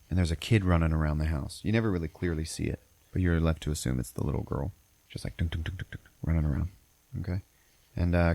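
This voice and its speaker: A man's voice: low-pitched, creaky, a little mellow, no echo. A man hosting a podcast, recapping a movie in a rambling, profane, casual way. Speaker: podcast host.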